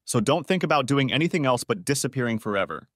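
A man's voice: mid-range voice, lively intonation, fast talker, no room sound, studio quality, pitched above the performer's own voice, natural voice. A man reading a storybook and voicing a wronged husband who speaks coldly and firmly. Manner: cold and firm. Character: cold, resolute wronged husband.

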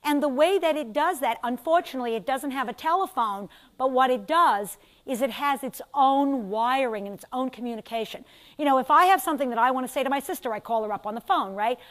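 An older woman with a New York accent lectures a class. Her voice sits high, and she talks in quick, chatty asides. She keeps turning to her students with questions. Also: a bit bright. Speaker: instructor.

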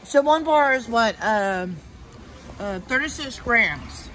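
A woman's voice: on the high side, animated, slow, fairly bright tone, slight background noise, poor audio. A woman chatting casually with her husband, teasing and chiding him. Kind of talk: casual chat.

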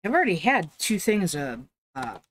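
A woman's voice: lowish voice, sing-song, moderate pace. A woman streaming live, chatting casually with viewers and cooing baby talk at her dog. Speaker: game streamer.

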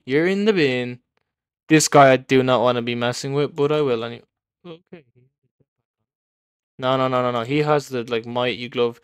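A young man commenting live on his own gameplay, excitable and repeating words in bursts as he taunts other players. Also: medium pitch, normal speed, pauses often, clear, resonant tone, no room sound. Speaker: gaming video creator.

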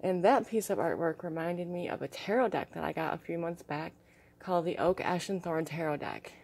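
A young woman vlogging casually as she shows her crystals and artwork, gushing and soft-spoken and often dropping to a hushed tone. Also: lowish voice, normal speed, gravelly. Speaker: vlogger showing crystals and art. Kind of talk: casual show-and-tell vlog.

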